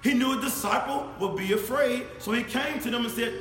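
A man preaching a sermon, speaking straight to his congregation, swinging from shouted emphasis to low, quiet asides. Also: normal speed, faint music behind. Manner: animated, addresses congregation directly, rises to shouts then drops low. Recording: echoey hall with faint ambience.

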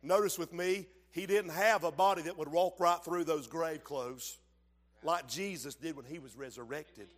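A high-voiced man preaching, his delivery rising into shouts and falling to hushed asides as he calls out to the congregation. The sound rings with the long reverb of a church sanctuary. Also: normal speed. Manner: fervent preaching, swells to shouts and drops low, calls to the congregation. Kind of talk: sermon.

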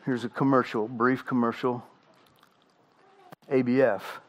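A middle-aged man preaches a sermon in a medium-pitched voice. He leans on rhetorical questions and slow, weighty pauses. His delivery is emphatic and earnest. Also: level tone, muffled recording. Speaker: pastor.

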